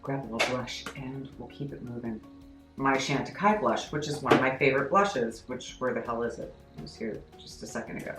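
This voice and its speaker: A woman telling a story from her job in a chatty, self-deprecating, animated way for her vlog. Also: extremely low pitch, fairly quick, loud music behind the voice. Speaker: vlogger recounting a job story. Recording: echoey room.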